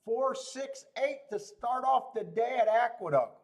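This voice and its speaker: A man hosting a horse racing betting livestream, talking casually in animated, laughing rants and stammering often. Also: extremely high pitch, measured pace.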